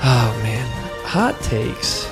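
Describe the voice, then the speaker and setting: A man's voice: mid-range voice, very animated, drawn-out words, vocal fry, over loud music. A man co-hosting a podcast in casual chat, joking and laughing often as he reads posts aloud. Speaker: podcast co-host.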